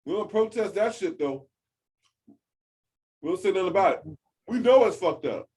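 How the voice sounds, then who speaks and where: Man, host, casual chat, husky, lively pitch, swears and laughs a lot. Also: normal speed. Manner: animated, laughing, swearing freely. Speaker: podcast host.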